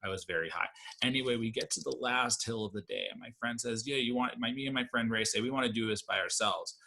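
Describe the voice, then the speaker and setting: Gravelly-voiced man doing stand-up. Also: mid-range voice, fast. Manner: rambling, deadpan asides that climb into loud shouty rants. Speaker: stand-up comedian. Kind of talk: stand-up comedy set.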